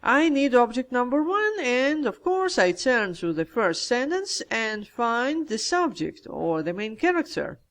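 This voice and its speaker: A teacher walks through a grammar exercise at an unhurried, deliberate pace. Each step is thought through aloud, with small self-corrections along the way. The voice sits in a middle pitch. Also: big pitch swings, fairly bright tone. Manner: methodical, talks through each step aloud, addresses viewers as guys.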